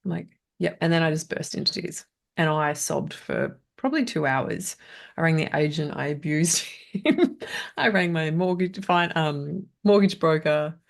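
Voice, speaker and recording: Woman in her 30s, trauma coach, chatty conversational delivery; low, gravelly register. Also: moderate pace. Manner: chatty, frequent "right?" and "like". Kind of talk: casual spoken masterclass.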